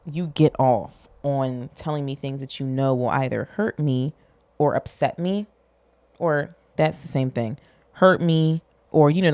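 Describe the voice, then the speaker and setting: A woman's voice: very deep voice, darkish tone, dry recording. A young woman hosting a podcast, talking frankly and casually in a rambling way, swearing freely and joking at herself. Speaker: podcast host. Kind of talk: candid casual monologue.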